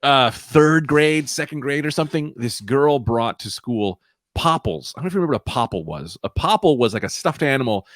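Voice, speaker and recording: A man's voice: mid-range voice, fairly quick, no room sound, studio quality. A man co-hosting a podcast, telling stories in a casual, self-mocking way over his own mic on a remote call. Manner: animated, self-mocking storyteller. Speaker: podcast co-host. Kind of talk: casual storytelling chat.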